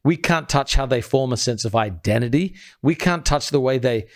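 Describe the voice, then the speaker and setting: A man talks through a scripture passage as if teaching friends at a table. He is earnest and builds his point step by step. His voice sinks low and soft whenever he quotes a verse. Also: expressive, moderate pace. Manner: drops quiet and low when quoting scripture. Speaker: podcast co-host. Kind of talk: conversational Bible teaching.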